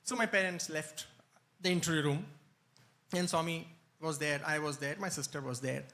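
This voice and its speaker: A man telling an anecdote at a spiritual retreat, animated and laughing often. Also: fairly high pitch, normal speed. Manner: animated storytelling, frequent laughs. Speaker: retreat speaker. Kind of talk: anecdotal talk. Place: hall, live-streamed.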